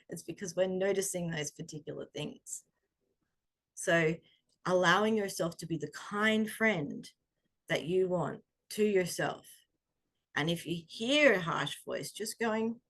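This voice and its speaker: A middle-aged woman coach giving a reflective talk on intuition, gentle and conversational, often pausing to search for words. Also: mid-range voice. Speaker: self-growth coach.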